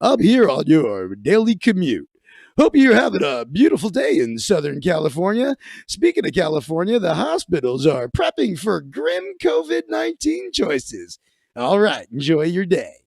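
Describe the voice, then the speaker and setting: A man voicing a cheesy, upbeat male morning radio announcer with a booming, over-bright delivery. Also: huge pitch swings, moderate pace, creaky, husky, no echo, clean studio sound, exaggerated voice. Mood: chipper.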